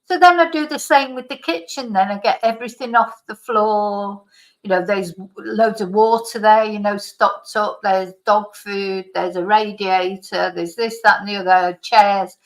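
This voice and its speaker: A woman's voice: mid-range voice, measured pace, rough recording. A woman vlogger chatting casually at home, telling a long rambling story full of asides and digressions. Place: at home by a computer.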